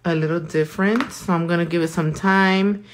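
A woman's voice: on the low side, fairly even intonation, moderate pace, slight background noise. A woman, chatting casually with viewers and swearing freely while she demonstrates her work on a live tutorial. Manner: casual, swears freely, switches between English and Spanish. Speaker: nail artist.

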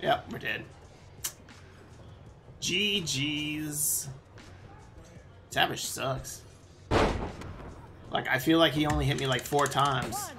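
A man giving loud, excitable commentary while playing a video game, swearing and yelling at the game. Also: on the high side, slow, long pauses, over music. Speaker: gaming streamer. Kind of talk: live gameplay commentary.

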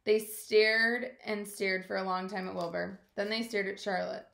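A woman teacher reading a children's storybook aloud in an expressive way, in a roomy-sounding recording. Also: mid-range voice, a little slow, creaky. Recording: roomy echo.

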